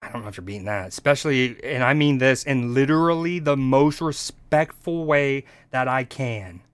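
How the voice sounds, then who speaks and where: A man's voice: medium pitch, normal speed, clean tone, dry recording. A man from the United States streaming, reacting in rambling, profane casual chat. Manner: rambling, profane, restarts often.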